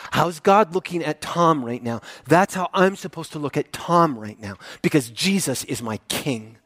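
A man's voice: fairly high pitch, expressive, normal speed, a bit bright, no echo, studio quality. A male pastor preaching a sermon in a conversational, joking and emphatic way.

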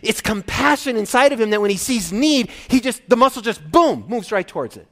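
Animated high-voiced male preacher. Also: brisk. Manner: animated, swings between soft and loud emphasis. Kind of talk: expository sermon.

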